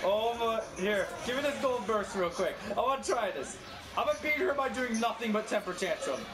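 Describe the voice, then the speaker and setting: Over game music, a gamer with a medium-pitched, animated voice talks fairly quickly through their own play. The casual commentary is incredulous, with repeated questions and bursts of laughter.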